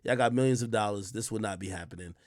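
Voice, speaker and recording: A man's voice: fairly low pitch, fast, dry recording, clean studio sound. A young man hosting a livestream, ranting casually and heatedly, full of profanity and rhetorical questions. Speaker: livestream host.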